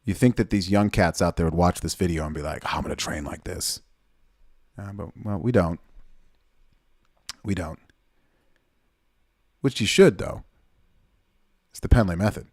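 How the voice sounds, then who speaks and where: A middle-aged male weightlifting coach commenting casually on a training clip, blunt and fired up, with a habit of repeating his points. His voice sits on the low side and sounds dry and close, with no room around it. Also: moderate pace, pauses often, darkish tone, dry recording.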